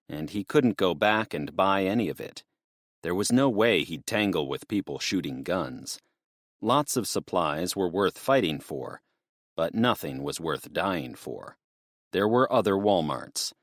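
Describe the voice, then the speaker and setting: A man narrating an audiobook in a steady, measured storytelling manner. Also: sits low, no echo, studio quality.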